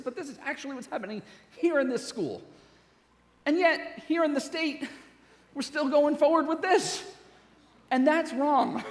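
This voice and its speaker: A middle-aged man giving a humorous conference keynote, joking with quick asides and laughter. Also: extremely high pitch. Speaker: keynote speaker. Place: large conference hall. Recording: long hall reverb.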